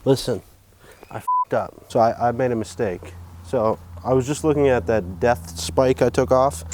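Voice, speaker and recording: A man's voice: medium pitch, normal speed, a little hiss or hum. A man hosting a farm vlog, talking himself through fixing a tractor, profane and joking. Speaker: DIY farm vlog host. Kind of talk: casual narrated self-talk while working.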